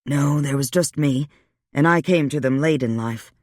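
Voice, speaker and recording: A man voicing a weary, wry male vampire, speaking low and subdued in a dry audiobook reading. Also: normal speed, no room sound, natural voice. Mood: steady.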